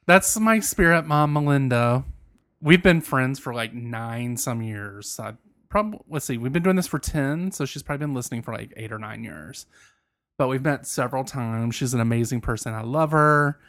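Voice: medium pitch, expressive, moderate pace, fairly bright tone, no room sound, clean studio sound. A podcast host in casual chat who introduces the phone calls. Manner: chatty, reads out calls.

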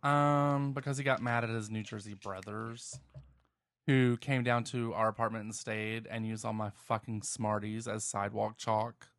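A man's voice: lowish voice, level tone, moderate pace, a bit bright, dry recording. A man from Southwest Virginia co-hosting a podcast, teasing his friends in casual chat. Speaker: podcast co-host.

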